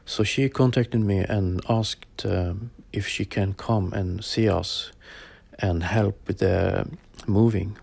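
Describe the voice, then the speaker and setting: A man in his forties recounts a personal experience slowly and haltingly, pausing often. His low voice is heavily gravelly, dark and husky. He keeps his phrasing plain and simple. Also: fairly even intonation, no echo. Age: 40s. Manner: halting, plain phrasing with frequent pauses and fillers. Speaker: storyteller sharing a personal experience. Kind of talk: personal spoken account.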